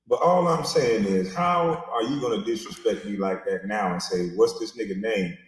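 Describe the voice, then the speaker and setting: A man's voice: fairly low pitch, normal speed. Mocking man ranting in an echoey room. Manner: insulting and mocking. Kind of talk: recorded video rant.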